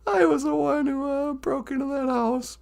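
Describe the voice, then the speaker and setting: A woman's voice: high-pitched, steady tone, normal speed, creaky, a little mellow. A woman hosting a podcast, telling a comic story in a chatty manner, laughing a lot and acting out quotes. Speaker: podcast host. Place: outdoors by a lake.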